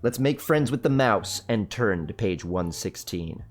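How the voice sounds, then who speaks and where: A man's voice: fairly low pitch, lively intonation, measured pace. A man hosting a livestream, reading a spooky choose-your-own-adventure book aloud in a theatrical, playful way with joking asides. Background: faint background music.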